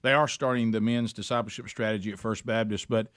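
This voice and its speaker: Fast-talking radio host. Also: male voice, lowish voice, steady tone, fairly bright tone, no echo, studio quality. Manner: fast, casual banter. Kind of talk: morning radio talk. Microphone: studio microphone.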